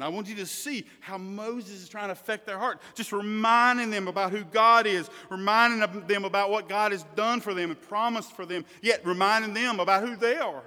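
Guy preaching a sermon, bright voice, goes hushed then loud, echoey church hall. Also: high-pitched. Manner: emphatic, swings from hushed to loud. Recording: long hall reverb.

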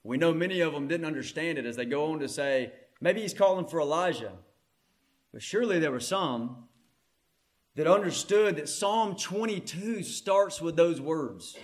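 Guy preaching, fairly high voice, goes quiet then loud and fervent. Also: expressive, unhurried, long pauses. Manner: swings between hushed reading and loud impassioned preaching. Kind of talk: sermon.

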